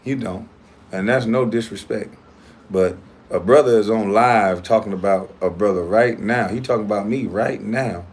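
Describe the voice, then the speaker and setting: A man's voice: lowish voice, moderate pace, slightly rough. A man hosting his own livestream, talking in a casual, blunt and profane way as he confronts a critic. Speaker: livestream host.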